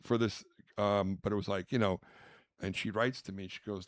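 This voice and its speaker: A man telling a comic story in casual podcast chat, animated and swearing freely. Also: fairly low pitch, normal speed, no room sound. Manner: storytelling, animated, swears freely, does mock posh voices. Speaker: podcast host.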